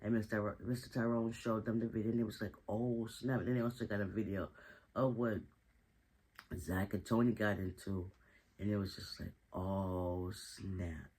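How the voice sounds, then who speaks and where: A man's voice: fairly low pitch, little pitch movement, brisk, darkish tone, breathy edge, poor audio. Man casually recapping a TV episode. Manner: slangy, chatty storytelling with frequent asides. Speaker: TV show recap host.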